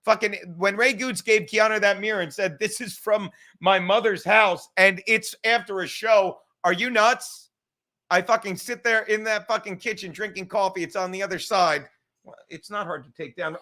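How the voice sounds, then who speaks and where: Brash, bright-voiced New York man ranting. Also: sits high. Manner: loud, swearing, rambling, shifts from shouting to mumbling. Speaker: podcast host. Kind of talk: profane livestream rant.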